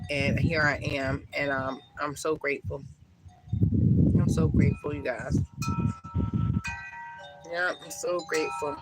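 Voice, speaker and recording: A woman's voice: low voice, poor audio. A woman, chatting emotionally with viewers on a live stream outdoors. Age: 30s. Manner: warm, emotional, talks to viewers with many fillers. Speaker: livestream host. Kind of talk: casual live-stream chat.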